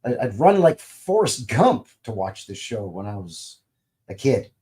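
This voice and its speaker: Warm and fairly low, this livestream host's voice is very animated though a little slow. Rambling casually, he welcomes viewers and reads their comments aloud, joking around informally and swearing lightly.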